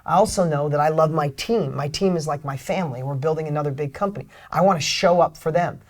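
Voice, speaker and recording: A middle-aged man, a guest author and speaker, giving energetic motivational talk in an interview, emphatic and swinging between loud bursts and soft asides. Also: a little high, quick pace.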